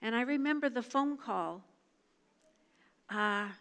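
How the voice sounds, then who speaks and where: An older woman giving a devotional talk, reading scripture and telling a personal story in an earnest, measured way. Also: a little high, a bit bright, smooth. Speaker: devotional speaker. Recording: long hall reverb.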